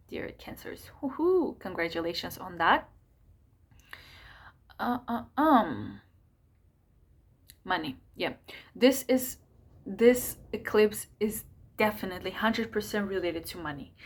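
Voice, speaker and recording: Woman, casual astrology forecast, rambling, self-correcting. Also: medium pitch. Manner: chatty, rambling, frequent self-corrections and asides. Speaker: astrology channel host.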